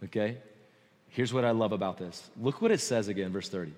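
A man preaching a sermon as pastor in a conversational, animated way, often checking in with his listeners. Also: lowish voice, fairly quick. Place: church sanctuary. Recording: long hall reverb.

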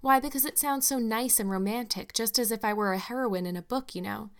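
A woman's voice: on the high side, fairly quick, natural voice. A woman voicing an eleven-year-old orphan girl who talks eagerly and dreamily in a storybook reading.

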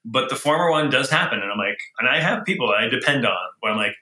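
A man who is a leader and author, talking casually, animated and thinking aloud with frequent restarts. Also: mid-range voice, quick pace, reverberant, rough recording. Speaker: guest, engineering leader and author. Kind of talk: casual conversation.

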